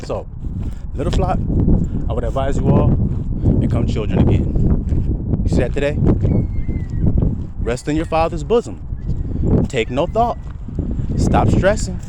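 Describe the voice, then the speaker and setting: A man's voice: a little high, lively intonation, unhurried, long pauses. A man preaching a sermon outdoors, talking to his listeners with many rhetorical questions. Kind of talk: street-side sermon. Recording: outdoor traffic noise.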